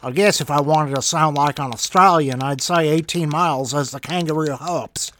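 A man's voice: on the high side, normal speed, a bit bright, a little hiss or hum. A man hosting a podcast, reading a short story in a casual, wry, musing way with self-deprecating asides.

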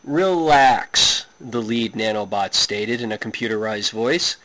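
A man reading his own comic short story aloud with a wry, deadpan delivery. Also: fairly low pitch, moderate pace, highs cut off.

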